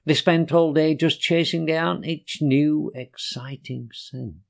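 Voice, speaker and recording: Slow, gentle man reading rhyming stories. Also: on the high side, fairly even intonation, gravelly. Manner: gentle, unhurried, sing-song. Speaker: reader of children's poems. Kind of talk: rhyming storybook narration.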